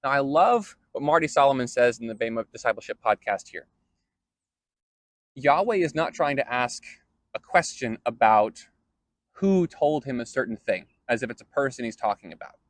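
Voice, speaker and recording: A man's voice: mid-range voice, lively intonation, moderate pace, no room sound. A man hosting a casual Bible teaching vlog, talking in a conversational way with fillers and self-corrections. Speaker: host.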